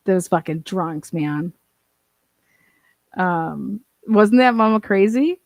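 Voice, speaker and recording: A woman's voice: mid-range voice, expressive, very slow, creaky, long pauses, no room sound. A woman hosting a casual livestream, chatting and reading out viewer comments, swearing and laughing often. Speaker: livestream host reading chat.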